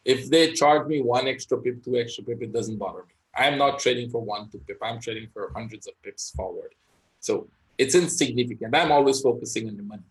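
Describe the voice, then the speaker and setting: A man's voice: medium pitch, brisk. A man giving live trading session commentary as an instructor, thinking aloud and often tagging his points with "right?".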